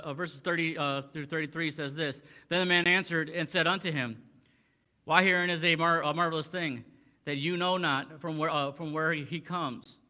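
This preacher's voice sits a little high, bright and forceful. He reads scripture aloud in old English and explains the passage conversationally, often restarting.

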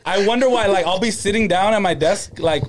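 A man's voice: sits high, a little fast, a little hiss or hum. A man in a casual chat, laid-back, laughing as he tells stories.

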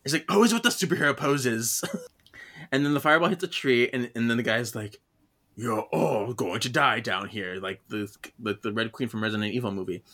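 A man's voice: medium pitch, fast talker, pushed and bright. A man co-hosting a podcast, giggly and breezy as he recaps a comic. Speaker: podcast co-host. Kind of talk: casual chat, retelling a comic.

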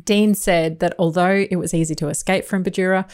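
Woman co-host, somewhat low voice, relaxed chatty delivery with lots of filler words. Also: fairly quick. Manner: chatty, researched, lots of ums and asides. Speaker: podcast co-host. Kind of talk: casual chat.

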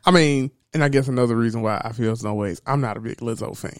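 A man co-hosting a podcast from a home workshop, animated as he retells conversations and laughs easily. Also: mid-range voice, fast, no echo, studio quality. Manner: animated, laughing storyteller who retells exchanges. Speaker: podcast co-host. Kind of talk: casual podcast chat.

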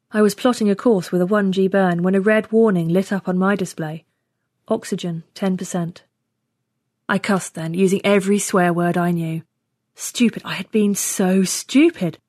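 A woman narrating a first-person science fiction story in steady, scripted storytelling. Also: medium pitch, no room sound, studio quality. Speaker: story reader.

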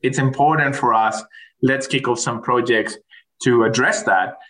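A man's voice: medium pitch, a little slow, fairly bright tone, rough recording. A man in a casual interview, telling stories from his consulting work with many restarts and fillers. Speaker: guest.

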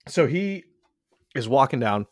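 A man's voice: medium pitch, very animated, measured pace, no echo. A man telling a long story in casual chat, swearing freely and rambling with lots of restarts. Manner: profane, rambling, full of restarts.

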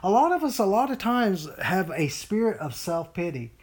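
A Bible study leader teaching informally to a small group, animated, often acting out whiny voices, with many fillers and restarts. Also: mid-range voice, normal speed.

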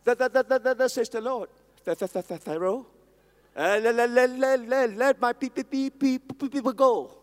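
A man's voice: extremely high pitch, level tone, moderate pace, pitched above the performer's own voice. A man doing a meek stammering old prophet. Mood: faltering. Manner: heavy stammer, repeating sounds. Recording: long hall reverb.

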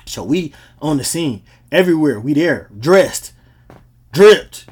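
A man's voice: on the high side, lively intonation, slow, a little mellow, husky. Laid-back man telling stories. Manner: laid-back slangy storytelling, frequent "you know what I'm saying". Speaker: podcast host. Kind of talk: casual storytelling.

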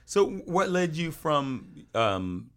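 A man's voice: on the high side, sing-song, slow pace, fairly bright tone, smooth. A man hosting a casual chat, asking questions in a playful, jokey way. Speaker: host.

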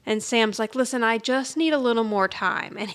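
In casual podcast chat, a woman co-host retells a sitcom episode, acting out the characters' lines with light laughter. Her voice sits fairly high and her pace is moderate, and the retelling is animated.

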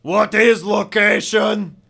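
A man voicing a gruff male soldier who barks clipped orders over a radio. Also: sits high, fairly even intonation, slow pace, voice pushed up, exaggerated voice. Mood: barking. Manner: shouted, clipped broken phrasing.

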